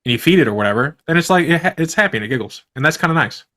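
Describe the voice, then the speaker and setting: Fast-talking man, casual and rambling. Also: a little high, lively intonation, sharp tone. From grew up on a farm. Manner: rambling, many fillers, laughs often. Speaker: guest. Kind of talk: casual conversation.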